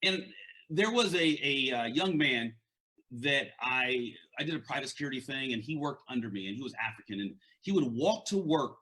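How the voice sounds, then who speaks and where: A man's voice: mid-range voice, lively intonation, moderate pace, sharp tone. A man with a stutter giving an earnest, conversational motivational talk as a leadership and mindset coach, often repeating words.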